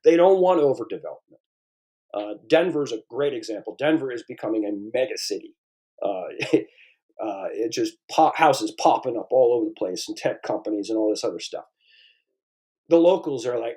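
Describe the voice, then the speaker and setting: A man's voice: medium pitch, animated, moderate pace, dark tone, slightly rough. A man in his fifties from the eastern United States, a paleontologist chatting as a podcast guest, rambling and telling stories. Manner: rambling, storytelling, frequent restarts and fillers. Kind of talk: casual interview conversation.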